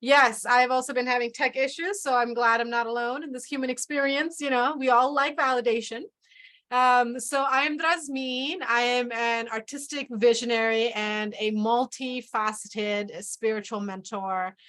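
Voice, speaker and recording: A woman's voice: fairly high pitch, fairly even intonation, fairly bright tone. Reflective woman guest on a video call. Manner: slow, reflective, with restarts and trailing phrases. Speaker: guest, spiritual mentor. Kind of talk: casual spiritual conversation.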